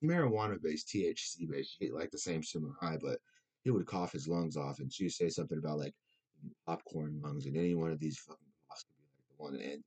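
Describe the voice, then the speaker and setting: A man's voice: very deep voice, quick pace, darkish tone, husky. A young adult man hosting a podcast, ranting in casual chat with lots of swearing and restarts. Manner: profane, rambling, lots of restarts. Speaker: podcast host.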